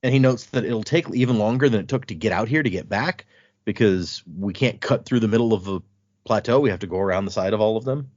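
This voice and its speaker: A man's voice: lowish voice, fast, darkish tone, no echo. A man co-hosting a casual podcast about a book, retelling scenes and quoting the characters in playful voices. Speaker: podcast co-host. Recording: dry, muffled lo-fi audio.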